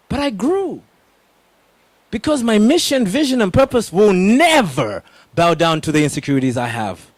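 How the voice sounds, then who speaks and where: A young man giving an energetic motivational talk on public speaking, addressing the audience directly with emphatic questions. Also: sits high, normal speed, no room sound.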